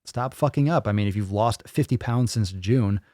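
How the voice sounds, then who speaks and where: A man hosts a live fitness Q&A in a mellow, lowish voice at a normal speed, joking crudely as he reads viewer comments and mocking how others sound. He's a fitness podcast host, recorded dry and at studio quality on a studio microphone.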